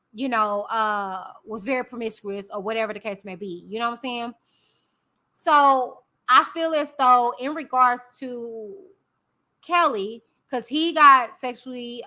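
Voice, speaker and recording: Bright, high-voiced woman giving blunt commentary. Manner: candid, opinionated, talks directly to viewers. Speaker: YouTube commentary host. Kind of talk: casual live-stream commentary.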